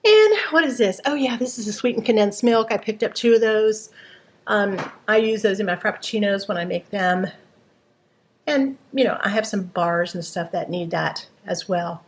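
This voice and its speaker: A woman's voice: mid-range voice, lively intonation, moderate pace, a little hiss or hum. A woman in her sixties hosting a casual grocery haul vlog, chatty and homey, rambling with fillers and a little out of breath. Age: 60s. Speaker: vlog host.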